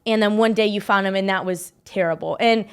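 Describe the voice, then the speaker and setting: A young woman hosts a casual podcast chat, her medium-pitched voice smooth and a little fast. She tells stories in a chatty way, filling her talk with "like."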